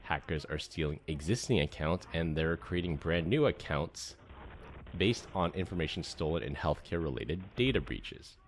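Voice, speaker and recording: A man's voice: extremely low pitch, lively intonation, a little hiss or hum. A man hosting a podcast, joking with co-hosts and reading out the story rundown. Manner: jokey, reads topic rundown briskly. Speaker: podcast host. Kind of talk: casual chat and show intro.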